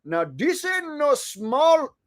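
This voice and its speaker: Put-on indian accent, loud deadpan reading, slow, guy doing a voice. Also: very high-pitched, exaggerated voice. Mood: reciting. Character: man reciting rap lyrics in a put-on Indian accent.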